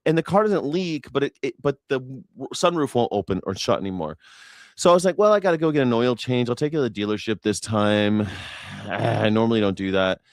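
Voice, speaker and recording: On a relaxed livestream, this independent news and culture commentator spins rambling, profane, joking tales and performs the quotes of the people involved. He speaks fairly quickly at medium pitch, expressive and with vocal fry. The audio is studio quality with no echo.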